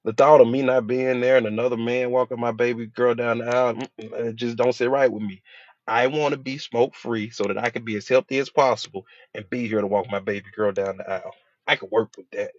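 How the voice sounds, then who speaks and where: A mid-pitched man speaks as a hypnotherapist, in a casual, story-driven motivational talk full of acted-out quotes. The sound is dry and close, with a slightly dull, lo-fi tone. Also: fairly even intonation, fairly quick, no room sound.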